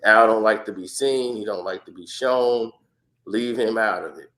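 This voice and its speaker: A man's voice: lowish voice, normal speed, fairly bright tone. A man in casual podcast chat, telling stories animatedly, acting out quotes and laughing often. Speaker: podcast guest.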